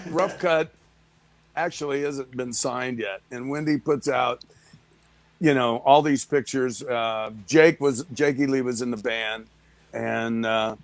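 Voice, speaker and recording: A man, a guest musician, telling lively anecdotes in a casual chat. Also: mid-range voice, moderate pace, dry recording. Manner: animated anecdote-teller, lively asides.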